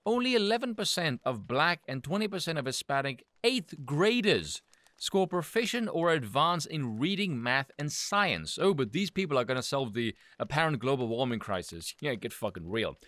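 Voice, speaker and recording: Male host ranting over political news, angry and mocking, bright tense voice, sharp pitch swings, dry close-mic sound. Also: sing-song, normal speed, no echo. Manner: angry, sarcastic, profane, mocking. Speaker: political commentary channel host.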